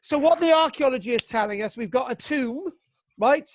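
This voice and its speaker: A man from Britain teaching archaeology to young students over a video call, excitable and jokey, mock-exasperated, tagging "right?" onto his sentences. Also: very high voice, normal speed, slight background noise. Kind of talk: live online class.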